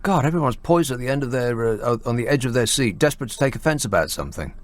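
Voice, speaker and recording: A man's voice: medium pitch, animated, fast, no room sound. Man, radio phone-in host, sardonic, mocking asides, casual banter. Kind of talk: late-night talk radio banter.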